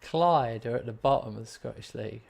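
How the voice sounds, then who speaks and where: Gravelly, chatty live-stream host man. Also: medium pitch, fairly quick. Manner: chatty, rambling, self-mocking. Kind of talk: casual gaming live-stream chat.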